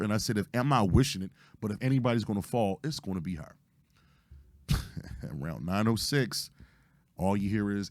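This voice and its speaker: Hoarse man. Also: on the low side, dry recording, studio quality. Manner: animated, profane retelling with acted-out quotes. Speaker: podcast host. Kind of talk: casual storytelling.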